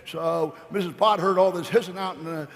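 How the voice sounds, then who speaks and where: A man's voice: sits high, steady tone, a little fast, vocal fry. Folksy man on a convention stage. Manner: rambling, folksy, playful. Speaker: convention keynote speaker. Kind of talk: motivational storytelling speech. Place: large convention hall stage. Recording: echoey convention hall.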